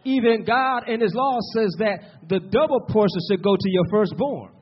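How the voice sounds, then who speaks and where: Preacher guy, high husky voice, keeps repeating himself for emphasis, dull lo-fi recording. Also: animated, moderate pace. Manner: rhythmic call-and-response preaching, repeating words for emphasis. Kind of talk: sermon. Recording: muffled lo-fi sermon recording.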